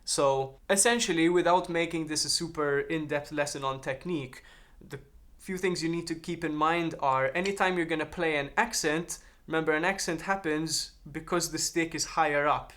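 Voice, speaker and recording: Man teaching drum rudiments, brisk and clear. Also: a little high, fairly bright tone. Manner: explanatory, counts beats aloud while playing. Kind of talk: instructional lesson with counting.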